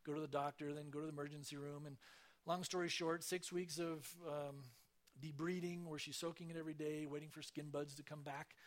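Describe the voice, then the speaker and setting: A man telling personal stories from a church stage in a casual, animated way, acting out the quoted voices. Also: on the high side, brisk. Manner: conversational, animated storytelling with acted quotes. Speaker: church speaker giving testimony. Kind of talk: sermon testimony storytelling.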